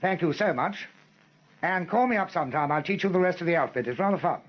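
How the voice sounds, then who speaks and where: An actor playing an eccentric older aristocratic lord, genial and teasing on the telephone. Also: male voice, high voice, expressive, fast, muffled recording. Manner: plummy, teasing, genteel.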